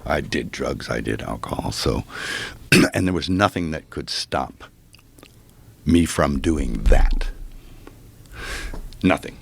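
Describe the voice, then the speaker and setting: Gravelly deep-voiced man telling stories. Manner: laid-back, fidgety, laughing storyteller. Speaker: interview guest. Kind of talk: relaxed storytelling. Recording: clips from interviews.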